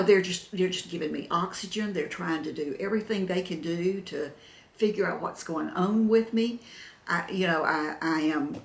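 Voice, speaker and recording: An older woman tells a personal story to her viewers, her voice gravelly and a little rough. She retells it with feeling, acting out what others said. The room around her is roomy and echoey. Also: lowish voice, fairly bright tone. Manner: emotional retelling, acting out other people's words. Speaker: vlogger telling a personal story. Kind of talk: casual storytelling to camera.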